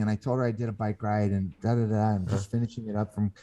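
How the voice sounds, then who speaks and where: A man's voice: on the low side, fairly even intonation, dark tone. A man, a guest author on a podcast, telling a story earnestly and often restarting his sentences. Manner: earnest storyteller who acts out quoted voices; halting, with frequent restarts. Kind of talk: podcast interview.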